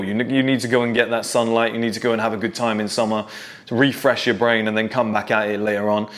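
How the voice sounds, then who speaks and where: Brief: male creator, mid-pitched, blunt and sweary, hard-driving pep talk. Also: fairly bright tone. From United Kingdom. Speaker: self-improvement creator. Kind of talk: motivational monologue.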